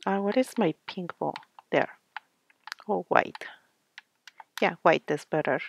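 Slow, soft-spoken woman narrating gameplay. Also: fairly low pitch, creaky, a little hiss or hum. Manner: soft-spoken, slow, with frequent fillers and small laughs. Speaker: gaming channel host. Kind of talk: casual gameplay commentary.

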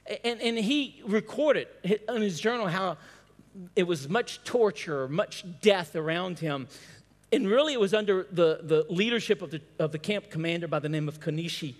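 A man with a high voice delivers a sermon as pastor, stacking rhetorical questions and repeating key phrases. He trips over restarts now and then. The sound carries a long reverb from a large hall. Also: expressive, normal speed. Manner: stumbles and restarts on words. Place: church hall.

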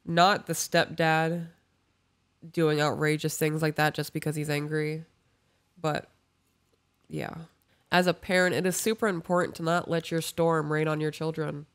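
A woman co-hosting a podcast, giving casual advice and telling candid, animated stories about her own family. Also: low voice, measured pace. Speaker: podcast co-host reading listener emails.

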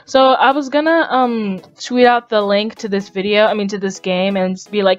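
A woman gaming YouTuber giving casual game commentary, chatty and excitable, rambling along and often laughing. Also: mid-range voice, normal speed, dull audio, faint music behind.

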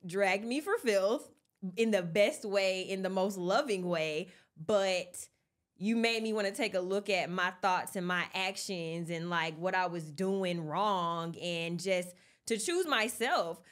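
A woman hosting a podcast in casual chat, talking earnestly and laughing often. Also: mid-range voice. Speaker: podcast host.

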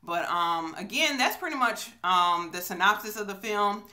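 Bright-voiced woman vlogging a movie review. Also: medium pitch, normal speed. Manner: chatty, storytelling, many fillers. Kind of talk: casual movie review vlog. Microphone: phone on a selfie stick.

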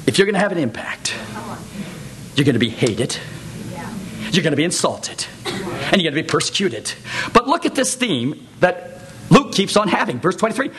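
A man preaching a sermon, telling stories with laughter and shouting exhortations to the congregation. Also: sits high, very animated, brisk, a crowd in the background, noisy background.

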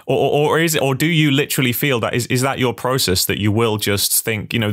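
A man's voice: mid-range voice, quick pace, hardly any pauses, fairly bright tone. A man hosting a podcast interview in a casual, thoughtful way, often restarting and repeating words. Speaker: podcast host.

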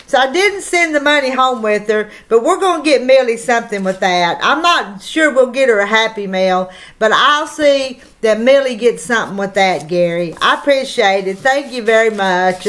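A woman's voice: a little high, lively intonation, moderate pace, a bit bright. A woman with a Southern country accent, chatting folksily to her viewers while opening mail on her vlog. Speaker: channel host.

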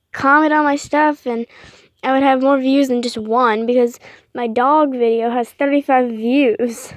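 A young woman vlogging casually, rambling and apologizing a lot between lots of fillers, with excitable bursts. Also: high-pitched, dry recording.

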